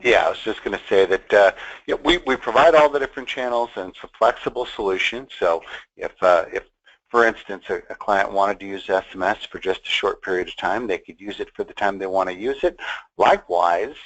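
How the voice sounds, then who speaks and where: Brief: lower male voice, webinar answerer, muffled lo-fi audio. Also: a bit bright. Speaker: sales presenter.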